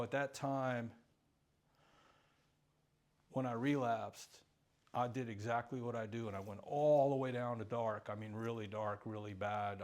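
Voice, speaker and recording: A middle-aged man telling his own recovery story in an earnest, emotional way, speaking in short bursts. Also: fairly low pitch. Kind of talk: personal testimony talk.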